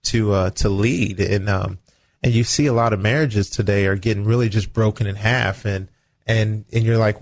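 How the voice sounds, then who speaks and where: A man's voice: fairly low pitch, steady tone, normal speed. A man co-hosting a radio talk show, speaking earnestly about faith, family and leadership, with a preachy tone. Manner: earnest, preachy, acts out little quoted exchanges. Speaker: radio show co-host, former football player.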